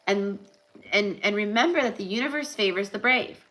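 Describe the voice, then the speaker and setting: A young woman with a bright, forceful voice talks through a live tarot reading. She rambles casually, full of "like" and "um", then slows right down to press a spiritual point home. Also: mid-range voice, poor audio. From California. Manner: chatty, rambling, many fillers and "like". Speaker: tarot reader.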